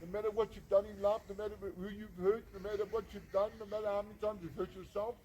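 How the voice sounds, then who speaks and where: A man's voice: sits high, fairly even intonation, fast talker, dark tone, a little hiss or hum, rough recording. A man giving an earnest, emphatic personal testimony as the founder of a rehab centre. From South Africa. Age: 40s. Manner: earnest, emphatic, repeats phrases for effect.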